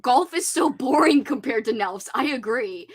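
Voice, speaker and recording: A woman's voice: a little high, expressive, moderate pace, breathy edge. A young adult woman hosting a casual reading-sprint stream, chatting and laughing often. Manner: giggly, laughs often, playful voices. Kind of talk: casual chat.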